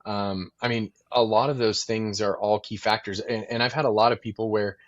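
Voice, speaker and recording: A man appearing as a guest on a talk show, explaining real estate reasons in a relaxed, rambling way. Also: on the low side, moderate pace, dry recording, highs cut off. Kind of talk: conversational expert explanation.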